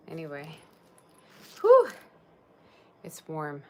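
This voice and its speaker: Low-voiced chatty woman tarot reader. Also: slow pace, long pauses, a little hiss or hum. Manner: chatty, rambling, addresses viewers directly. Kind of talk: casual livestream chat.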